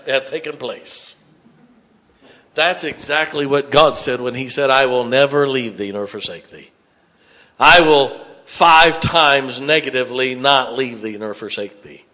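A man preaching a sermon, dropping to hushed tones and rising to loud emphatic bursts. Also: mid-range voice, a little slow. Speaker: pastor.

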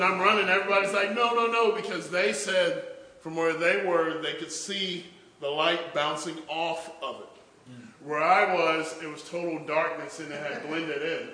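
Guy telling funny church stories about his pastor, kinda high voice, lots of energy. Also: a little hiss or hum. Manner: animated, acts out quotes and laughs at his own stories. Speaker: church member giving a tribute to his pastor. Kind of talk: anecdotal storytelling speech.

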